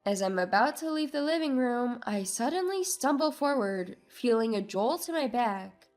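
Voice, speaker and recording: A woman narrating a first-person family story in a measured, subdued way. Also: a little high, expressive. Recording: narration with soft background music.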